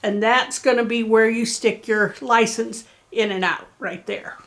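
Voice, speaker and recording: Woman, craft shop presenter, casual folksy tutorial delivery, fairly high pitch. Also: steady tone, a little slow, fairly bright tone. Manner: chatty, folksy and encouraging.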